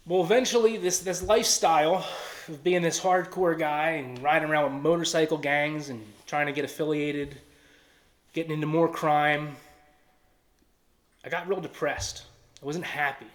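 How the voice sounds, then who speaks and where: A man's voice: a little high, moderate pace. A man with a Philadelphia-area accent giving an earnest personal testimony and acting out quoted dialogue. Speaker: testimony speaker.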